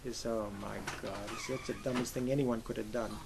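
Gravelly older man telling war stories. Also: mid-range voice, brisk, noisy background. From Pennsylvania, USA. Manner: lively anecdotal storyteller, acts out quoted voices. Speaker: Navy veteran interviewee. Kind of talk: oral history storytelling.

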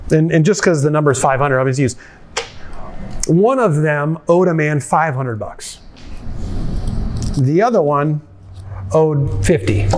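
Man, pastor, conversational sermon, fairly high voice, lively storytelling, direct address. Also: slight background noise. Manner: lively, retells scenes and addresses listeners directly.

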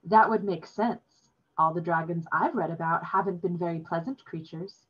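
A woman reading aloud gives voice to a gracious lady who welcomes a guest, speaking in a soft, slow, courteous way. The voice sits a little low and sounds husky and breathy. The recording is dull and lo-fi. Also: steady tone. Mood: gracious, polite. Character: polite gentle adult woman, a kindly host.

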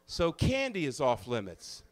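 A male comedian telling a personal story live on stage, animated and profane, moving between loud bursts and hushed, confessional moments. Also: on the high side, a little slow.

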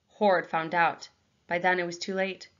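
A woman's voice: on the low side, little pitch movement, unhurried, dull audio, close to an everyday voice. Scornful, guarded clan girl, read by a woman; cool and clipped. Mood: grim.

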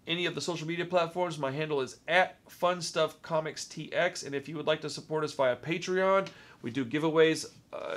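Rambling, enthusiastic Texan man. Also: fairly high pitch. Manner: enthusiastic, rambling, repeats words. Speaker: movie review vlogger. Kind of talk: casual movie ranking vlog.

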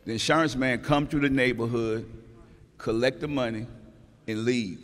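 A middle-aged man, speaking as an interview guest in an emphatic, preachy storytelling way that climbs into shouts. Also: mid-range voice, steady tone, moderate pace. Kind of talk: animated motivational talk. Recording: hall with long reverb.

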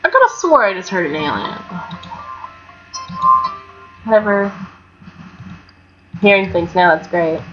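A young woman giving casual, chatty commentary on her own gameplay, swinging between mock outrage and excited squeals. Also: medium pitch, unhurried, long pauses, over music. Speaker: gamer narrating her let's play. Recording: dull lo-fi home mic with faint hiss.

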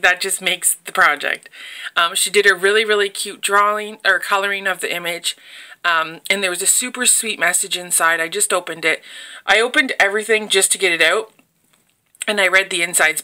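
Gushing bright-voiced young woman vlogger. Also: medium pitch. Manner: gushing, chatty, talks to viewers. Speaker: craft vlogger. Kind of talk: casual unboxing chat. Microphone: phone camera.

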